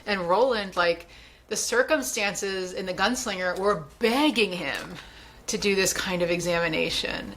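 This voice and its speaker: A woman hosting a book club, reading passages aloud slowly and then thinking aloud about them with many filler words. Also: medium pitch, a bit bright, a little hiss or hum. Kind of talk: reading a novel aloud and discussing it.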